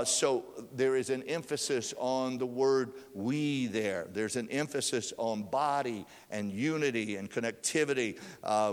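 A man delivers a sermon from the pulpit, his voice sitting at an ordinary middle pitch. He lifts his pitch and force when he presses a point. The sound rings on with the long reverb of a church hall. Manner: preaching, rising in pitch and force for emphasis. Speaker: pastor. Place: church sanctuary.

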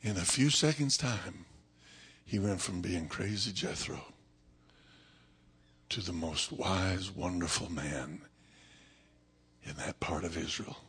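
A man preaching a sermon, telling a story dramatically and swinging from shouts down to whispers. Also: deep voice, slow, pauses often, husky.

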